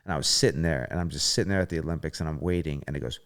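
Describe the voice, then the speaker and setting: A man in his thirties, a podcast guest, telling a story in a casual, animated way, swearing often and acting out what people said. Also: rumbling low, rapid-fire. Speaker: podcast guest, former gymnast.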